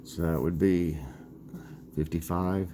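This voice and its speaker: A man in his sixties chatting casually in a vlog, rambling and halting with lots of fillers as he tells a childhood story and talks about dinner. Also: deep voice, steady tone, dark tone, slight background noise. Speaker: vlogger.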